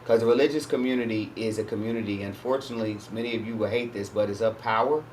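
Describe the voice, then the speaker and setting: A man's voice: lowish voice, fast talker, darkish tone, a little hiss or hum. Man giving a casual scripture talk. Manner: conversational, often checks in with listeners. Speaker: host. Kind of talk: casual religious teaching monologue.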